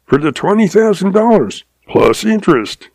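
A man voicing a shrewd old cowboy who talks in a slow, patient, folksy drawl. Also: sits high, very animated, vocal fry, darkish tone, no room sound, pitched above the performer's own voice, full character voice. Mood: amused. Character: shrewd old cowboy, calm, sly, chuckling.

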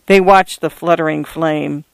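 Male narrator, literary story reading, slightly raised pitch, dry close sound. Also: steady tone, unhurried, creaky, smooth, no echo.

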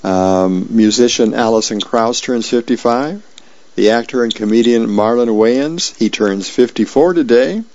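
A man reading newspaper comics aloud as a volunteer reader, in a plain, unhurried way with small slips. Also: lowish voice, creaky, darkish tone, no echo. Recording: dull lo-fi radio recording.

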